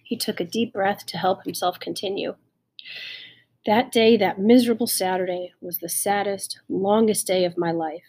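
A woman reading a children's novel aloud, tender and expressive. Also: medium pitch, moderate pace. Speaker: audiobook reader. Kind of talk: audiobook narration.

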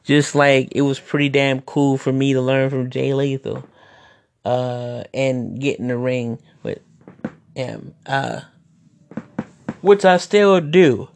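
A man's voice: mid-range voice, slow, a little mellow. A man who wrestles, hosting a casual podcast monologue, rambling and opinionated, with many restarts.

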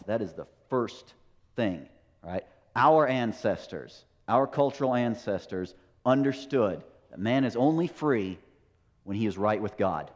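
A man's voice: lowish voice, expressive, unhurried. A middle-aged American man preaching a sermon, tossing rhetorical questions and "right?" at his listeners. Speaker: pastor. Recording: long hall reverb.

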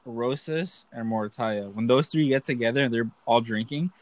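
A man's voice: mid-range voice, normal speed. A young man chatting casually, rambling and cursing as he tells funny stories, laughing often. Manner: rambling, profane, laughs a lot. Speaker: soldier telling stories. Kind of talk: casual chat.

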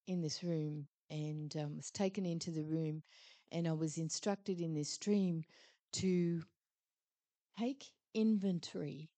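A woman preaching very slowly with a mellow, lower voice. She tells of a dream in a reflective way. The sound is close and dry. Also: no room sound. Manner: slow, reflective storytelling. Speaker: conference speaker. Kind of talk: sermon.

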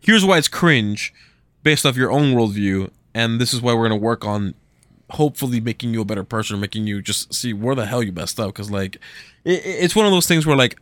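A man co-hosting a podcast, musing hesitantly with many pauses and restarts. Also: medium pitch, animated, fairly bright tone, dry recording. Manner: hesitant, lots of fillers and restarts. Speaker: podcast co-host. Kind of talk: casual podcast chat.

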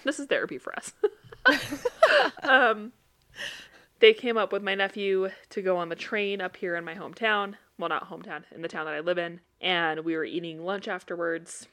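A woman's voice: lowish voice, fairly even intonation, moderate pace, bright, forceful tone. A young woman co-hosting a casual podcast, telling funny family stories and laughing often. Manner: laughs often, chatty storytelling. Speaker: podcast co-host. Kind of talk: casual chat.

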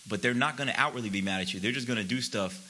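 A man's voice: medium pitch, racing, bright, forceful tone, slight background noise, poor audio. A man co-hosting a casual podcast chat, blunt and profane, teasing his friend. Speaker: podcast co-host.

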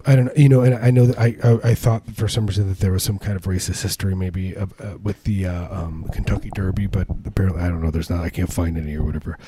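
A man's voice: low voice, fairly even intonation, fast talker, few pauses, dark tone, slight background noise. A man co-hosting a podcast, riffing through rambling, jokey casual chat full of restarts. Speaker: podcast co-host.

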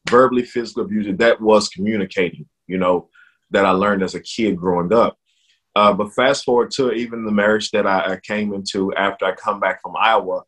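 A man sharing his personal faith testimony in an interview, speaking earnestly with halting restarts that grow more emotional. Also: on the low side, a bit bright, husky.

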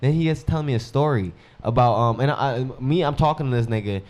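A man's voice: mid-range voice, fast talker, a little mellow. A man co-hosting a podcast, telling a story in casual chat, slangy and full of restarts. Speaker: podcast co-host.

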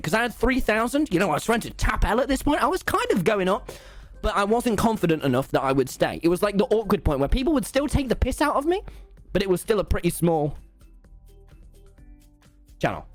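Animated young guy telling a story. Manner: excitable, dramatic storyteller with big pitch swings. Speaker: gaming streamer. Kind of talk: storytelling during a gaming live stream.

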